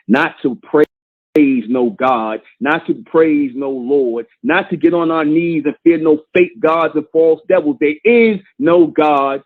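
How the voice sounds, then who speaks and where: Host, male, emphatic repetitive preacher; husky voice over a tinny phone line. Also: medium pitch. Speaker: show host. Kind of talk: preachy call-in show monologue.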